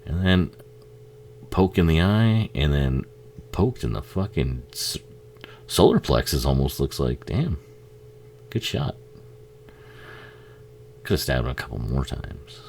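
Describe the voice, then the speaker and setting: A man with an extremely deep, gravelly voice talks along with a movie he is watching. He swears freely, laughs and cracks crude jokes at the screen. A faint hum sits under the recording. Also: very animated, slow, long pauses, darkish tone. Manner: profane, laughing, jokey, talks back to the screen. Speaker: film commentary host. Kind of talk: casual movie commentary.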